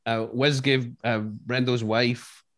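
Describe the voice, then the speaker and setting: A man hosting a casual podcast chat, telling stories in an animated way. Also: medium pitch, slow pace, dry recording, clean studio sound.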